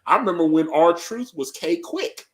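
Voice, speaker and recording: A man's voice: a little high, expressive, measured pace, a bit bright. A man co-hosting a casual live reaction chat, rambling and joking with frequent laughs. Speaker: podcast co-host.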